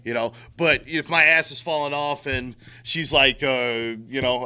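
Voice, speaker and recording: A man's voice: medium pitch, steady tone, a little slow, bright, forceful tone, clean tone. A middle-aged man giving a blunt, profane talk to a recovery group, using street slang and acting out quotes. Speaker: recovery speaker.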